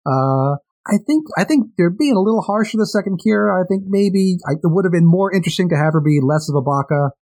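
Easygoing male co-host, slightly high voice. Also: lively intonation, quick pace, hardly any pauses, a little mellow. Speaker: podcast co-host. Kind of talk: casual podcast chat.

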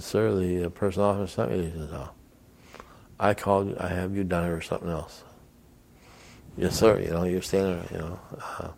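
Older male veteran, low and gravelly, anecdotal oral-history storyteller. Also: a little mellow. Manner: rambling anecdotes acting out quoted voices. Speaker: veteran interviewee.

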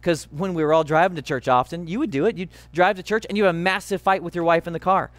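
High-voiced earnest male pastor preaching. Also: no room sound. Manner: earnest, emphatic, slowing on key phrases. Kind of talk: sermon.

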